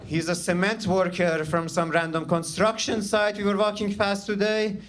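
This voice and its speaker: A man's voice: high voice, level tone, normal speed, fairly bright tone, slight background noise. A man voicing his nagging older Iranian father with a Persian accent, pressing his son in an earnest, insistent way.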